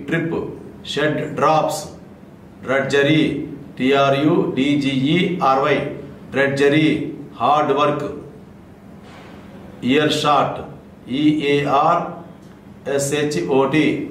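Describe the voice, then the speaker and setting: Man, vocabulary teacher, very slow spelling drill, echoey room, faint background hiss. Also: a little high. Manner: slow, deliberate, spells each letter out. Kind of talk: spelling and defining word list.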